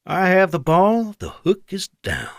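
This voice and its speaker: A man's voice: high-pitched, huge pitch swings, measured pace, vocal fry, no room sound, clean studio sound, voice pushed up, full character voice. A man voicing a teasing woman fighter pilot. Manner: playful, teasing.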